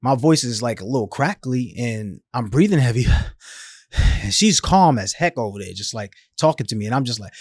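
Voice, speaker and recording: A man in his thirties telling his life story as a podcast guest, animated and emphatic, with slangy phrasing, often acting out other people's voices. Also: medium pitch, moderate pace, breathy edge, no room sound, studio quality. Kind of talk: storytelling in a casual interview.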